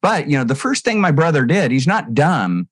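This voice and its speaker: A man's voice: moderate pace, no room sound, clean studio sound. A middle-aged man telling a story as a podcast guest, acting out the dialogue and often repeating words as he goes. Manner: acts out dialogue with lively shifts in pitch. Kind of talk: animated storytelling.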